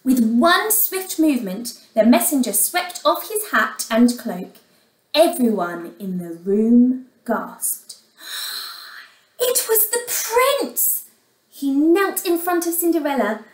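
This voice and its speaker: A woman teacher reads a fairy tale aloud to little children, slow and expressive, with a high, animated voice. She sometimes asks her listeners questions. The recording sounds roomy and echoey. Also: distant mic. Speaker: primary school teacher. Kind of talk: reading a storybook aloud to young children.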